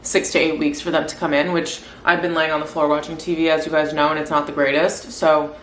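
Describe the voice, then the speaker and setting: A woman's voice: sits low, level tone, a little fast, fairly bright tone. A woman in her twenties chatting casually in a home vlog, upbeat and full of "like" fillers. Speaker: lifestyle vlogger. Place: apartment at home. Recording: echoey room, faint background noise.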